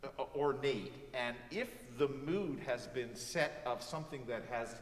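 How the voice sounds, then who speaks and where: A man's voice: mid-range voice, measured pace. A man teaching a music master class, coaching a student and singing phrases to show what he means. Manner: animated, sings phrases to demonstrate. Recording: echoey hall, voice from far off.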